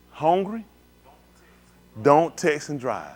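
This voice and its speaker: Animated man preaching with big swings. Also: normal speed. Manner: animated, swings from low murmurs to loud exclamations. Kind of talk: sermon with live demonstration. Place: synagogue hall.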